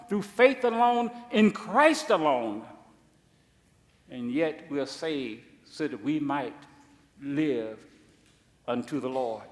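A preacher with a high voice delivers an emphatic sermon, alternating between loud proclamations and quiet asides. The long reverb of the church hall leaves his words trailing off.

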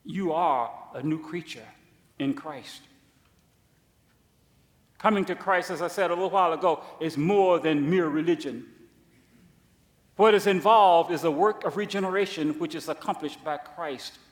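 A man preaching a sermon, emphatic, swinging between loud declarations and quiet asides. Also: a little high, unhurried, long pauses, roomy sound, long reverb tail.

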